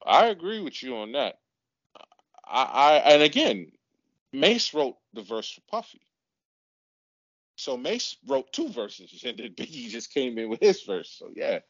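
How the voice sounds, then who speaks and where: A man's voice: medium pitch, big pitch swings, measured pace, long pauses, fairly bright tone, no room sound, dull audio. A man co-hosting a casual podcast chat, arguing in a heated way and repeating himself. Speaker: podcast co-host.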